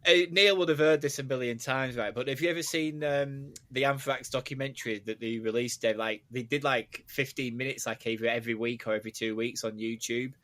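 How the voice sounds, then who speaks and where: A man hosts a casual metal podcast, chatting and teasing his guests with loose, rambling sentences. His voice sits at an ordinary middle pitch. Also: fairly even intonation, a little fast, few pauses, a bit bright. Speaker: podcast host. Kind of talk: casual chat.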